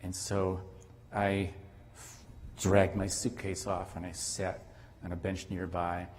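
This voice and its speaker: A man's voice: low voice, completely flat delivery, takes it slowly, a little mellow. Man lecturing in a reverberant hall. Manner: rambling, with restarts and sound imitations. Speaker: conference speaker. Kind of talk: academic lecture. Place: conference hall.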